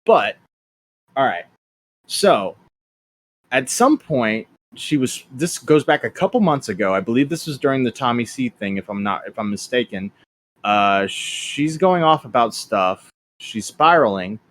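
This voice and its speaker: A man's voice: medium pitch, expressive, a bit bright, a little hiss or hum. Offhand male podcast host. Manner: quick, offhand delivery with fillers and crude humor. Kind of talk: casual podcast chat, reading messages aloud.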